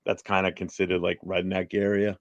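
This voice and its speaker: A man's voice: low-pitched, little pitch movement, fairly quick, no echo, dull audio. A man from the United States, co-hosting a casual livestream chat in a rambling way full of "you know". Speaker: co-host.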